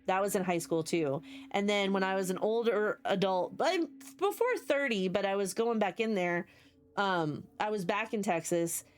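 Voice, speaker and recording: A chatty woman in her forties streams from home and talks straight to her viewers. Her voice sits at an everyday middle pitch. She drifts from one long story to the next and stops to greet people in chat. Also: moderate pace. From United States. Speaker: livestreamer.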